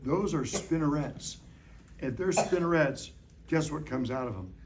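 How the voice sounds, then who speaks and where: Middle-aged male science educator, playful classroom demo, slightly high voice, light background noise. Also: lively intonation, measured pace. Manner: playful, jokey, coaxing questions to children. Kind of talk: hands-on classroom demonstration. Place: elementary school classroom.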